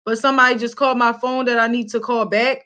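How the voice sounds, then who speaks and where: Gossip host, woman from Philadelphia, high bright voice, blunt and chatty, talks directly to viewers. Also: flat delivery, fast talker. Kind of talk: casual gossip commentary.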